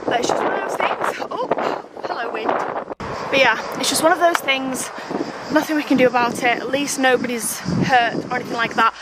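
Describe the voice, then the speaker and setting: A woman's voice: high-pitched, moderate pace. A woman vlogging outdoors at a campsite, telling an exasperated story and acting out what people said. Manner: animated, exasperated, acts out quoted dialogue. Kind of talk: casual vlog storytelling. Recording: outdoor phone video with traffic noise. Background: passing cars and outdoor ambience.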